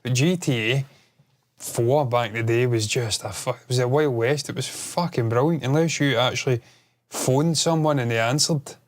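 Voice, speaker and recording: Excitable, sweary man co-hosting a podcast. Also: medium pitch, normal speed. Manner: excitable, swears a lot, rambling. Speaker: podcast co-host. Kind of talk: casual podcast chat.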